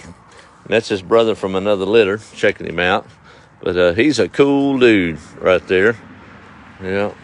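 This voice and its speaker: A middle-aged man, hosting a casual outdoor livestream and reading viewer comments in a folksy, drawling way with frequent chuckles. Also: fairly low pitch. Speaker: livestream host. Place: outdoors at dusk. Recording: faint outdoor noise with passing vehicles.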